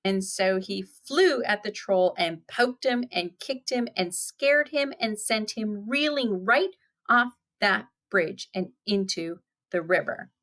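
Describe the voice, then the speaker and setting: A woman teacher reading a picture book aloud to children, pausing to point out the pictures and explain words. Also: mid-range voice, expressive, fairly bright tone.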